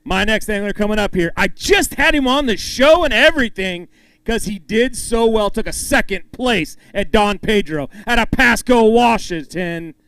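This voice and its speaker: An animated, high male voice at normal speed, a bit bright and clean-toned with no echo. He emcees the fishing tournament weigh-in, calling anglers up, reading weights, and bantering as he hypes each one.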